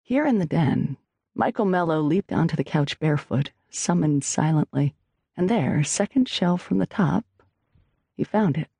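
Brief: literary audiobook narrator, mellow and gravelly, dry studio sound. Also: medium pitch, no echo. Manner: measured, expressive reading.

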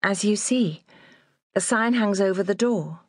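A woman voicing a proud, quick-tempered young apothecary's daughter in an audiobook, polite but defensive. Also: mid-range voice, a little mellow, no echo, clean studio sound, voice pushed up, natural voice.

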